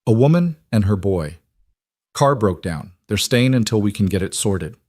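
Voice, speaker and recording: A man voicing a protective single father who speaks calmly and firmly. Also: on the low side, normal speed, no room sound, clean studio sound. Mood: steady. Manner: calm, firm.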